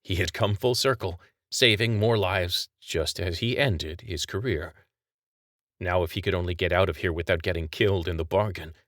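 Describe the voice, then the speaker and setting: A man reading his own story aloud as scripted audiobook narration, with a measured, even storytelling delivery. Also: low voice, dry recording, studio quality.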